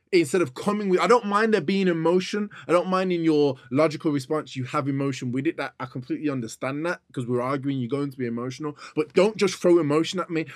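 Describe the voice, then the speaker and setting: A man's voice: fairly high pitch, no echo, studio quality. A young man, co-hosting a podcast, arguing his case insistently and repeating himself over his partner. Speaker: podcast co-host. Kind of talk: heated casual argument.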